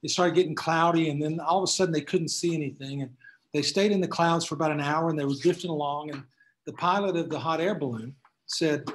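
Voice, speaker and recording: A man's voice: a little high, brisk, low-quality recording. Conversational man lecturing a class. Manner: conversational, frequent restarts. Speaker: attorney giving a class talk. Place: room full of people.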